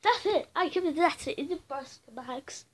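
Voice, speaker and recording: A woman giving excited commentary over her mobile game, squealing at wins and humming along as she plays. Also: sits high, measured pace. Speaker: gameplay narrator. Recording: noisy home recording.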